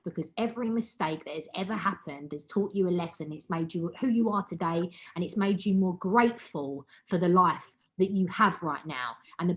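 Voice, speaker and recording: Over a video call, a woman with a lowish voice hosts an online wellbeing meeting, delivering a heartfelt, emotional motivational talk and repeating words for emphasis.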